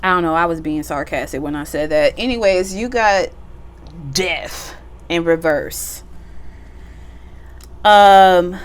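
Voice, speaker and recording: A woman's voice: on the low side, slow, long pauses, slight background noise. A woman giving a casual pick-a-card tarot reading, chatty and slangy, joking about herself and swearing offhandedly. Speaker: tarot reader.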